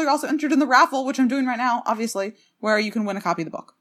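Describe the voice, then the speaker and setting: Woman, podcast co-host, bubbly, jokey, bright tone. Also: fairly high pitch. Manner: bubbly, jokey, fast asides. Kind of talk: casual podcast chat. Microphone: remote recording, separate apartments.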